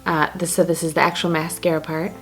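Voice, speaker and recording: A woman's voice: sits low, level tone, quick pace, fairly bright tone, faint music behind. A woman casually talking through her makeup routine step by step, chatty and joking as she goes. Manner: chatty, self-narrating each step; joking asides. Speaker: beauty blogger.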